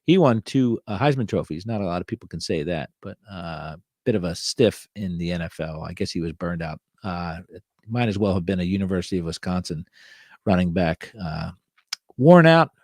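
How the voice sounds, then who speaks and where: A man's voice: sits low, fairly quick, a little mellow, no echo, clean studio sound. A middle-aged man hosting a sports card show, reviewing old cards in a casual, wry way with many fillers and joking asides.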